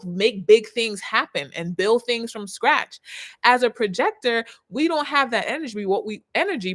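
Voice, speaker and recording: A woman in her thirties who works as a personal branding coach talks on a live stream in a mid-range voice. Her delivery is expressive, swinging from soft to loud.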